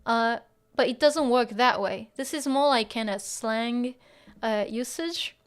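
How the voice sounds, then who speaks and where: A woman gives a relaxed Japanese lesson, switching between English explanations and Japanese phrases. Her voice sits a little high, and she fills her speech with ums and easy laughs. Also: measured pace, smooth. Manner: laughs often while explaining. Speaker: Japanese teacher. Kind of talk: casual language lesson.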